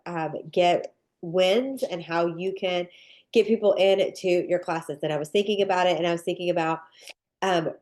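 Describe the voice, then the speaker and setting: A woman runs a live online cookie-decorating class in a bubbly, rambling, casual manner. A sinus infection makes her sound stuffed-up and nasal, and her voice is lowish with a darkish tone.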